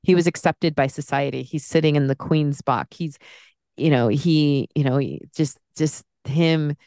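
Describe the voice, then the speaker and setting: A woman talking as a podcast guest in a loose, heartfelt ramble, often circling back and restarting her thoughts. Her voice is smooth and resonant but has a gravelly fry underneath. The recording is close and dry. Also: sits low, steady tone, unhurried, mellow, dry recording. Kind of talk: casual film discussion.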